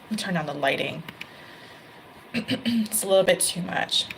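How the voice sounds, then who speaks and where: A woman's voice: lowish voice, expressive, a little slow, fairly bright tone, slight background noise, low-quality recording. A woman giving a casual tarot reading, chatty, laughing often and correcting herself mid-sentence. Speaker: tarot reader. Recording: card shuffling and clicks behind voice.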